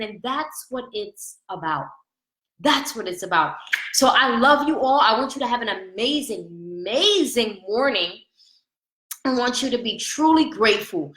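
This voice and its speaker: A woman life coach giving an animated motivational talk, asking "right?" often and laughing between points. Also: a little high, roomy sound, low-quality recording.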